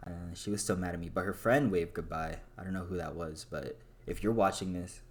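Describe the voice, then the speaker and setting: A young man with a very low voice talks through his day in a loose, confessional vlog. He rambles and runs himself down. He swears in passing. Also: fairly even intonation, brisk. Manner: rambling, self-deprecating, swears casually. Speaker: vlogger. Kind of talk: casual confessional monologue.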